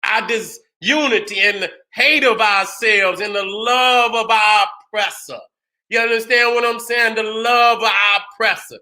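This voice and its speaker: A man with a strikingly high, piercingly bright voice holds forth in a fiery commentary monologue. He is emphatic and profane, often breaking into shouts. He keeps checking in with his listeners, asking whether they understand what he's saying. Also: a little slow. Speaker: channel host.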